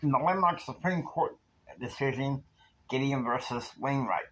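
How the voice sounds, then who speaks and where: A man's voice: medium pitch, moderate pace, fairly bright tone, slight background noise, rough recording. A man telling a rambling, casual story that meanders from one scene to the next, with fillers along the way. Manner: meandering, with fillers and time stamps.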